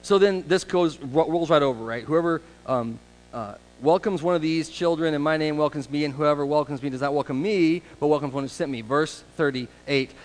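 A male pastor preaching a conversational sermon, full of casual asides and rhetorical questions, sometimes brisk and sometimes drawn out. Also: on the high side, low-quality recording.

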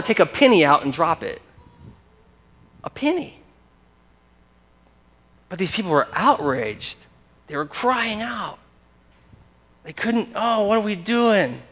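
A man preaching a sermon and teaching from scripture, animated and emphatic, often restarting phrases and chuckling. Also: high-pitched, normal speed. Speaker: pastor.

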